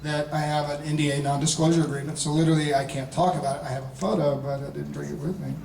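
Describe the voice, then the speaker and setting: A man in his fifties, a guest actor telling a casual anecdote to a convention audience, animated and chuckling, often restarting his sentences. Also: on the high side, fast talker, creaky, slight background noise. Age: 50s. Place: large convention hall panel. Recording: echoey hall audio from a distance.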